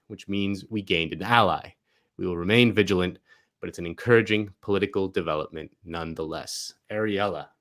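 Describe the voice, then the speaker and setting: A man hosting a political talk show speaks in a deep, low register. His delivery is wry and sarcastic, full of quick asides and offhand digs. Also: fairly bright tone. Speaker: host. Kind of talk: political commentary.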